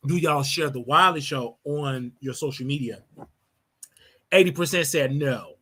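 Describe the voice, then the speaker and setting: Guy hosting a live call-in show, bright forceful voice, chatty and laughing. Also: a little high, a little slow, breathy edge. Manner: animated, slangy, laughs often. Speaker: show host.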